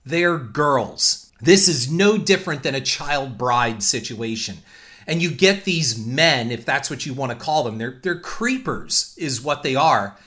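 A man's voice: mid-range voice, expressive, measured pace, bright, forceful tone. Blunt, indignant man ranting. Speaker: podcast host. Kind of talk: opinion rant.

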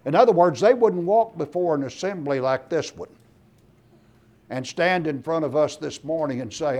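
A man's voice: fairly high pitch, normal speed. A man preaching a sermon, reading scripture aloud and pressing his points with emphasis. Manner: emphatic, rising loud on scripture and lists.

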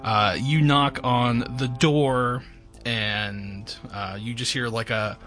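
A man running a tabletop game as game master, rambling and filling pauses with ums. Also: medium pitch, fairly even intonation, fairly bright tone, faint music behind. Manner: rambling, many fillers.

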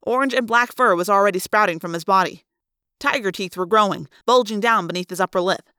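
A woman narrating a fan read-aloud of a novel in a lively, expressive way. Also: medium pitch, fairly quick, dry recording, clean studio sound.

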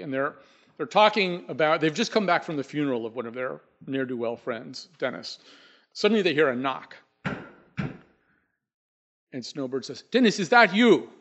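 A middle-aged man telling a personal story live, in a wry, conversational way with asides, in a dull lo-fi recording. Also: fairly high pitch.

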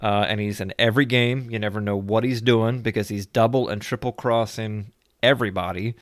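A man hosting a podcast, an animated and rambling storyteller in casual chat. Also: on the low side, a little fast, no echo, studio quality. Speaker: podcast host.

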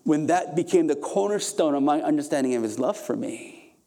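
A young adult man delivers a sermon with real fervor, his mellow, warm voice pitched a little high. He builds to emphatic peaks and then pulls back into quieter, gentler stretches. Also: expressive, fairly quick. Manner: impassioned preaching, rising to emphatic peaks then dropping soft. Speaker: pastor.

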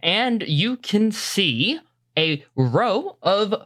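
A game master narrates a tabletop session, wandering off into details and correcting themself. The voice swings widely in pitch and sounds bright. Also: drawn-out words. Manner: animated, rambling.

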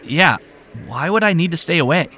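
A man's voice: a little high, expressive, normal speed, pushed and bright, voice pushed up. A man voicing an anxious woman in an audiobook. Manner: tense and pleading. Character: anxious woman searching for her daughter.

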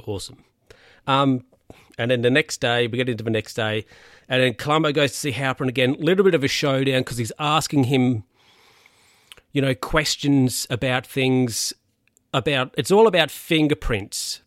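A man's voice: mid-range voice, moderate pace, a bit bright, no room sound, studio quality. A man casually recapping a TV episode, rambling, with lots of fillers and restarts. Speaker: podcast host recapping a TV episode. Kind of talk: casual chat.

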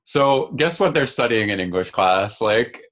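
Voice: medium pitch, lively intonation, a little slow, a bit bright. A podcast co-host in casual chat, recapping a TV episode in a chatty way with frequent laughter.

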